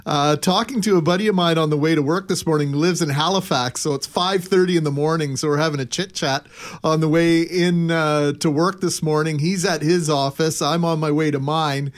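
A male morning radio host with a slightly higher voice. He banters and laughs easily, then settles into reading the news. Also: steady tone, brisk. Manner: jokey, laughs often, apologetic when reading news.

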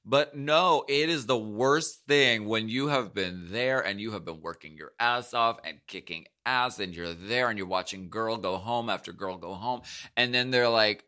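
A man co-hosting a podcast in casual, campy banter with animated asides. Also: fairly low pitch, a little slow, hardly any pauses. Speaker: podcast co-host.

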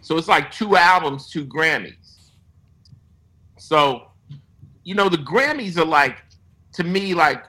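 Slow and prone to frequent pauses, this somewhat high male voice belongs to a guest musician being interviewed. He spins profane, lively anecdotes, performing other people's lines as he quotes them, on a rough recording.

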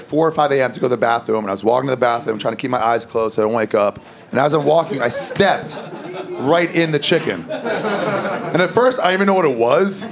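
A male comedian tells a story in a loose, crude way. His voice is fairly high and gravelly. A big live crowd laughs loudly throughout. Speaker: stand-up comedian. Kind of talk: stand-up comedy set.

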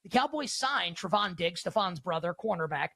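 A male host talking through sports betting in an energetic, emphatic, casual way, often firing off rhetorical questions. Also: high-pitched, normal speed, gravelly, no room sound.

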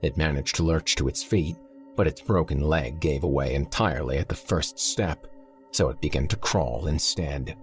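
A man reading a horror story aloud in steady, measured scripted narration. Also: extremely low pitch. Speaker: audiobook narrator.

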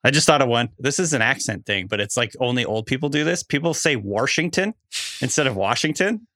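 A man's voice: medium pitch, animated, quick pace, bright, forceful tone, no room sound, studio quality. A man in his thirties co-hosting a podcast, chatting animatedly and laughing a lot. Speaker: podcast co-host. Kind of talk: casual chat.

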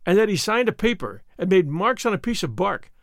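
A man's voice: high-pitched, big pitch swings, a little fast, no room sound, clean studio sound. A man voicing a humble, gloomy young male interpreter in an audiobook, speaking plaintively with sighs. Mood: glum. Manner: plaintive, sighing. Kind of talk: audiobook character reading.

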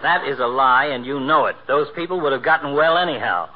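A man playing a sharp-tongued wisecracking town doctor. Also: mid-range voice, a little fast, close to an everyday voice. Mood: needling. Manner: dry, needling wisecracks. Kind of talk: 1940s radio comedy acting. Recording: muffled radio broadcast with loud hiss.

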